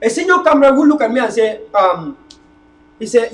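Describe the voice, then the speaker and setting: A man, an activist delivering a fiery, repetitive rhetorical monologue to his video audience, sometimes shouting. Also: very high voice, sing-song, moderate pace, recorded from a distance. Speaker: political activist. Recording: echoey room, voice off-mic.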